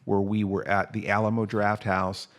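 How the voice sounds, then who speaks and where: A man's voice: fairly low pitch, level tone, normal speed. A man hosting a casual comedy podcast, rambling and self-mocking with lots of fillers. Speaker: podcast host.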